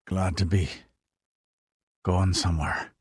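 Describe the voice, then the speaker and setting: A man's voice: low voice, little pitch movement, slow pace, husky, dry recording, studio quality, heavily acted. A man doing a wounded young leader, weary and firm. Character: wounded young male leader, weak but steady.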